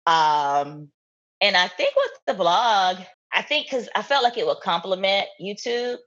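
A young woman chatting casually as an interview guest, laughing often and talking in an animated way. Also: medium pitch, a little slow, highs cut off. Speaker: guest, content creator.

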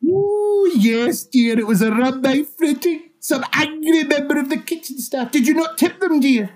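A man doing a shrill posh pantomime dame. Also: lively intonation, moderate pace. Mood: fussy. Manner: shrill, fluttery, theatrical.

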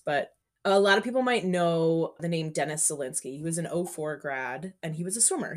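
A woman in her forties, a podcast guest telling stories in a candid, chatty way. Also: lowish voice. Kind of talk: casual interview storytelling.

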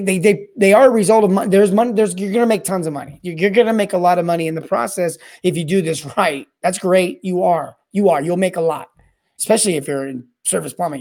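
Here a man with a high, creaky voice hosts a solo podcast on plumbing sales and service. He talks in an energetic, rambling way, often repeating himself and restarting words.

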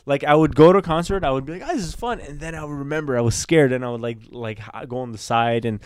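Man, podcast co-host, rambling casual story, smooth voice, dry close mic. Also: mid-range voice, steady tone, fast talker, no echo. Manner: rambling storyteller, laughs easily. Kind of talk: casual comedic chat.

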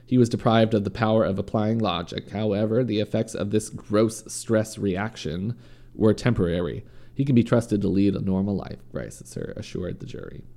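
Reading a true-crime story on his podcast, a man with a lowish, gravelly, warm voice speaks at normal speed. His casual delivery includes occasional stumbles and self-corrections.

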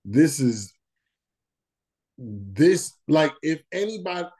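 A man co-hosting a podcast in casual chat, animated and slangy, laughing often. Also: fairly high pitch, slow pace. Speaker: podcast co-host.

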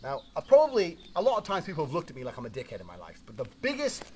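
A man's voice: fairly high pitch, wildly swooping pitch, rapid-fire, darkish tone, a little hiss or hum. A man telling a story in a casual monologue, brash and swearing constantly.

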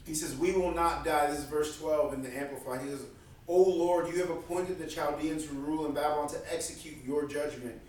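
Animated male preacher, high voice, boomy hall sound. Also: brisk, a little hiss or hum. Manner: animated, acts out voices of God and prophets. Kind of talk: sermon. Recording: echoey room from far off.

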